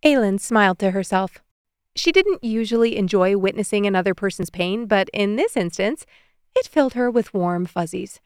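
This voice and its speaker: A woman narrates an audiobook in an even, measured way. Her voice is smooth and clear, of middling pitch. The recording is dry and close, with no room sound. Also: no echo.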